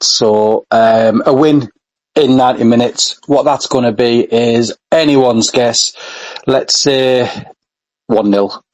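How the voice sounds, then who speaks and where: A man speaking earnestly on a podcast panel, halting and repeating himself as he thinks. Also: mid-range voice, no room sound, poor audio. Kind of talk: casual chat.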